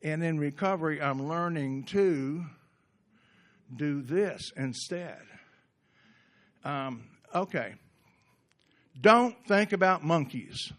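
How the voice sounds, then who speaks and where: A middle-aged man giving a gentle, reflective recovery workshop talk in a conversational way, often restarting his sentences. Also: fairly high pitch, lively intonation, takes it slowly, long pauses. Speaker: workshop speaker.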